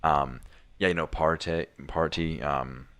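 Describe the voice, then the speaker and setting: Young male co-host, very low voice, loose rambling football chat. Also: fairly even intonation, measured pace, a bit bright. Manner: rambling, many restarts and fillers. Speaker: podcast co-host.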